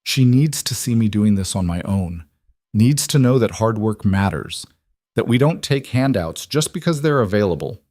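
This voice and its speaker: In a storybook reading, a man raises his voice to play an exhausted, proud young working woman, sounding strained, weary, and defensive. His voice is lowish and darkish with lively intonation, at a moderate pace, close to an everyday voice. The recording is dry and clean, studio quality.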